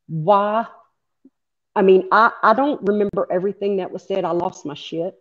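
A woman's voice: medium pitch, fairly even intonation, normal speed, dull audio. A woman being interviewed as the mother of a victim, speaking bluntly and angrily with plenty of swearing. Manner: blunt, angry, profane. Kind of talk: interview, recounting events.

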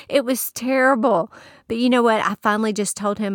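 A woman's voice: medium pitch, measured pace, dry recording, studio quality. A woman giving a folksy inspirational sermon, telling stories and laughing often.

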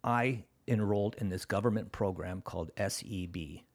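A Canadian contractor in his forties or fifties guests on a podcast, telling his story casually and profanely. He swears freely, acts out the people he quotes, and laughs often, in a low voice at normal speed.

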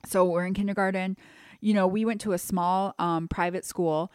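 A woman in her thirties from Michigan co-hosting a podcast, chatting casually and acting out quoted voices with big leaps in pitch. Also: normal speed, clean tone, dry recording, studio quality. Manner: animated storyteller, acts out quotes with big pitch jumps. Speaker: podcast co-host. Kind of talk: casual chat.

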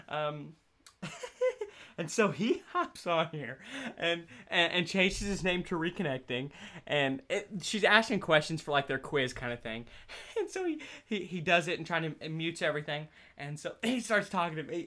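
A man's voice: fairly high pitch, lively intonation, moderate pace, pushed and bright. A young man, a college student, telling a casual story in a rambling way, laughing often and restarting his sentences.

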